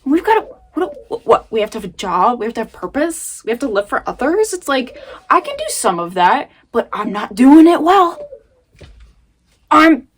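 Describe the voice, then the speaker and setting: A woman vlogging an emotional casual rant from home, rambling and swinging between muttering and loud outbursts. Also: a little high, big pitch swings, fairly quick.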